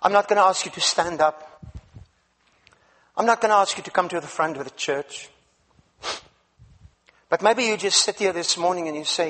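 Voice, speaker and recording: A male preacher telling a Bible story in a sermon, with dramatic swings between loud and hushed delivery. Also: high voice, normal speed, long pauses. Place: church. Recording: reverberant church hall.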